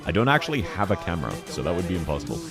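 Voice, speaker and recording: Lively Australian streamer with a radio voice. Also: male voice, sits low, music in the background. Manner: playful, teasing, quick to laugh. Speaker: VTuber streamer. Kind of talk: casual livestream commentary.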